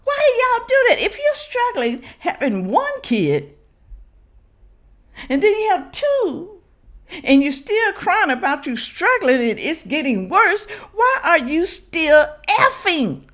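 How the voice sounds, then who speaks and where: A woman from Memphis, hosting a reaction video and giving blunt, animated commentary to her viewers. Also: extremely high pitch, slow pace. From Memphis, Tennessee. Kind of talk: casual commentary.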